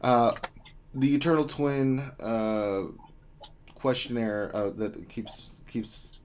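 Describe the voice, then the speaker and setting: A man's voice: medium pitch, slow, a little mellow, slight background noise. A man hosting a casual gaming livestream, reading out chat greetings in a joking, rambling way with lots of fillers. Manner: joking, rambling, with many ums and uhs. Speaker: livestream host.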